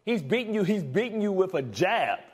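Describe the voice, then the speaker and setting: A man in a played sports radio clip, arguing his point in a fast, combative way. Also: high voice, big pitch swings, slightly rough.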